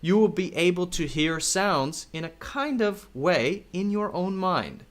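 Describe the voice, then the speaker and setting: A man teaching English in a recorded video lesson, speaking slowly and repeating key words, often checking in with "okay?". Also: sits high, animated. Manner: slow, repetitive, checks in with "okay?".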